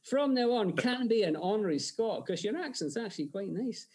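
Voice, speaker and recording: A man's voice: high-pitched, lively intonation, fairly quick, a little mellow, husky, pitched above the performer's own voice. A man imitating a jovial male TV co-producer, speaking to a crew. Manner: emphatic, jovial.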